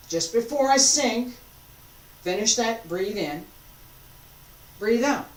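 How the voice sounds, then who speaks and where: A woman teaching a qigong class, calmly giving breathing and movement cues. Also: fairly high pitch, slow, pauses often. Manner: calm, guiding cues paced to breathing. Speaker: qigong instructor. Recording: echoey room, distant mic, faint noise.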